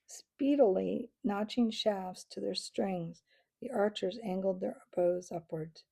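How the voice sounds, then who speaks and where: A woman reading a children's book aloud, expressive and unhurried, with small slips here and there. Her voice is gravelly, husky and mellow. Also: medium pitch. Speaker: storyteller.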